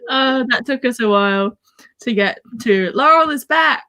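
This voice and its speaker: A woman hosts a casual book club chat. She reads favourite quotes aloud and laughs often. Her voice is bright and a little high. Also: expressive, moderate pace. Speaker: book club podcast host.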